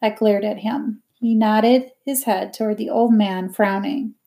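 Brief: woman narrator, steady audiobook-style novel reading. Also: medium pitch, a little slow. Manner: steady, plain first-person narration. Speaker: reader.

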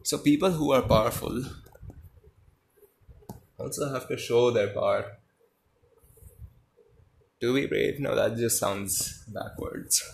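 A man reading a story aloud and pausing to muse on it, thinking aloud and correcting himself. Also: medium pitch, vocal fry, a little hiss or hum. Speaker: reader and commentator.

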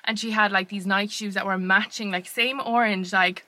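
A woman's voice: mid-range voice, steady tone, bright, forceful tone, no echo. A woman co-hosting a podcast, telling stories in casual chat with lots of fillers and laughter. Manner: chatty, laughing, fast storytelling with many fillers. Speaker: podcast co-host.

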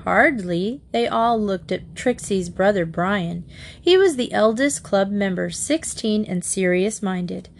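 A woman narrating a children's mystery in a clear, measured storybook manner. Her voice sits at a middle pitch and stays steady through the prose. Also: a little hiss or hum. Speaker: audiobook reader.

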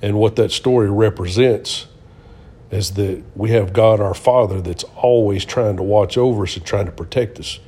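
A man's voice: on the low side, normal speed, dark tone, slightly rough. A middle-aged man co-hosting a Christian talk show, speaking earnestly and telling stories like a preacher, with many fillers. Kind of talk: casual testimony and storytelling.

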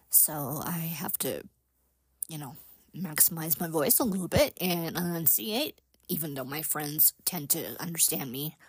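A woman hosting a casual solo podcast, speaking softly and haltingly with many fillers and whispered asides. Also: sits low, breathy edge, no room sound. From United States. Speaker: podcast host.

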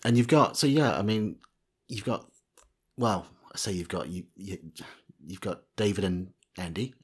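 A man hosts an interview and keeps the talk moving with casual questions to his guest. His voice is very low and husky. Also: moderate pace. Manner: conversational, prompting questions. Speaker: podcast host. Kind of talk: interview chat.

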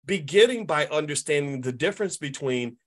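A middle-aged man hosting a casual commentary monologue, emphatic and repetitive, often asking "right?" and jumping into high voices to mimic people. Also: animated, a little fast. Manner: emphatic, repetitive, tag questions. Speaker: host.

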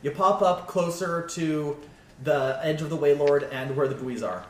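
A man running a tabletop game as game master, casual and halting. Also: a little high. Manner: casual, halting, laughs often. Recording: echoey room, faint noise.

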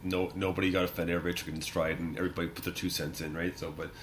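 A man's voice: low-pitched, level tone, very fast, a little hiss or hum. A man co-hosting a podcast, telling stories in a casual, rambling way and laughing often. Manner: laughs often, rambling storytelling with many fillers. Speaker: podcast co-host. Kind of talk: casual chat.

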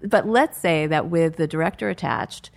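A woman's voice: deep voice, animated, moderate pace, gravelly. A woman hosting an interview podcast, asking questions in a playful, teasing way. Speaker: podcast host. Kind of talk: casual interview chat.

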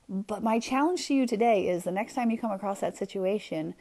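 A woman's voice: on the high side, brisk, hardly any pauses. Chatty woman podcast host. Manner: chatty, animated storytelling with many fillers. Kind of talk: casual motivational talk.

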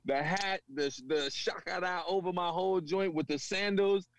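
A man from a Panamanian family in the US, telling stories in a casual conversation with animated slang. He often asks "you know what I'm saying". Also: high-pitched, normal speed, rough recording. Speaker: guest.

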